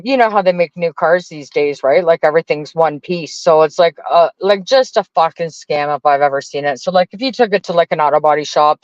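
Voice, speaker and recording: A woman's voice: low-pitched, no room sound. A woman livestreaming, ranting in a heated, profane, rambling way to her chat. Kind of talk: casual live-stream rant. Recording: dull dry lo-fi stream audio.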